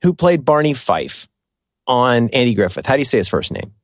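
A man's voice: mid-range voice, sing-song, moderate pace, no room sound. Chatty guy hosting a podcast, voice jumps all over, dry close mic, keeps laughing at himself. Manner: rambling, self-deprecating, laughs often. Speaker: podcast host. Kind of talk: casual podcast chat with sponsor read.

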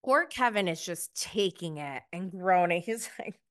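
A woman's voice: on the low side, animated, measured pace. A young adult woman, casually recapping a reality show with gossipy asides and frequent laughter. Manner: gossipy, laughs often, mocking quotes. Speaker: podcast host reviewing a reality show.

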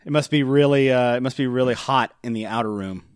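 A chatty man talking through a film with friends, joking and laughing as he goes. His voice sits at an ordinary pitch and is recorded dry and close, with no room sound. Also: fairly quick, clear, resonant tone, dry recording. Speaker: podcast co-host. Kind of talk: casual chat.

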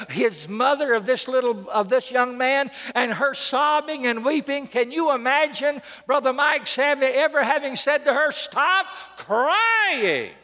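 A man preaching a sermon from a church pulpit, dramatic and emphatic, repeating phrases and swinging between loud and soft. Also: very high-pitched, big-room sound.

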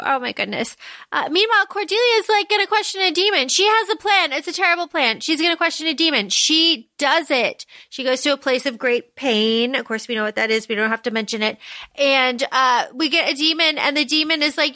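A woman's voice: high voice, fairly quick, pushed and bright. A woman co-hosting a podcast in casual book chat, animatedly acting out characters' lines. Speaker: podcast co-host.

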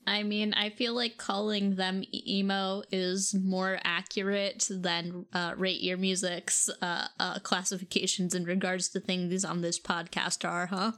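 A woman on a casual podcast who speaks in short, deadpan lines. Her voice sits at a middle pitch, and her manner stays wry and understated. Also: a little slow, few pauses. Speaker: podcast co-host. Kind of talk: casual chat.

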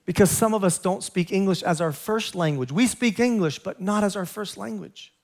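High-voiced, excitable man preaching. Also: normal speed, vocal fry. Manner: excitable, animated preaching with humor. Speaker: pastor. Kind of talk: sermon. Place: church sanctuary.

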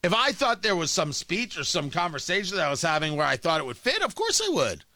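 Animated, bright-voiced man holding forth. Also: sits high, quick pace, no room sound. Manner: emphatic, repeats words when restarting. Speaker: radio talk host. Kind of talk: opinionated monologue.

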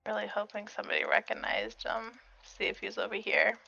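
A woman playing a tabletop game in a relaxed, casual way. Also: medium pitch, fairly quick, gravelly, lo-fi sound. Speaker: player.

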